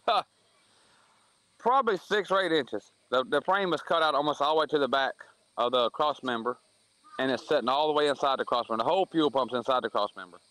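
A man spins a long story from the racetrack in plain, blunt words. His pitch sits in the ordinary middle range, and he quotes the other people in the argument as he tells it. The recording is dry and close, with no room sound. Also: a bit bright, dry recording, rough recording. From southern United States. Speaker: racing series promoter on a podcast. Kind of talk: casual storytelling chat.

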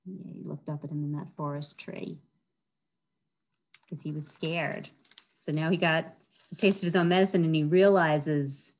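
A woman's voice: low-pitched, normal speed, pauses often, low-quality recording. A woman reading a picture book aloud to children at a library storytime, often asking her listeners questions. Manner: animated, asks the listeners questions.

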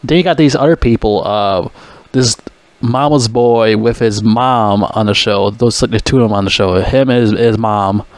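A man's voice: on the low side, normal speed, no echo. A man ranting about a TV show, swearing constantly, mocking the contestants and stumbling over his words. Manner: profane, mocking, puts on whiny voices. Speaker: vlogger. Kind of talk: ranting commentary.

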